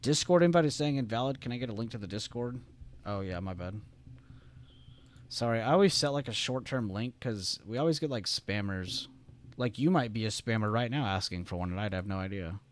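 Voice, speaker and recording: A man's voice: medium pitch, animated, fast talker. A young man from the United States hosting a casual trading live stream, rambling and reading chat messages aloud.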